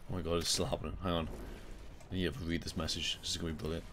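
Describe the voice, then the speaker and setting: Over a noisy background, a low-voiced man races through live commentary while streaming a shooter game. He's excitable, yelping and muttering at the screen as he plays.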